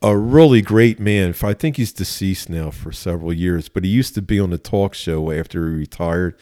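A man's voice: low-pitched, normal speed, warm tone, no echo, studio quality. A man, a police officer, telling an anecdote in a casual interview, with fillers and laughter. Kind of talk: casual storytelling.

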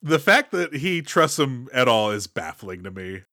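Animated, joking man on a podcast. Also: mid-range voice, normal speed, no room sound, studio quality. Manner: animated, jokey, recaps plot with playful asides. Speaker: podcast co-host. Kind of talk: casual movie podcast chat.

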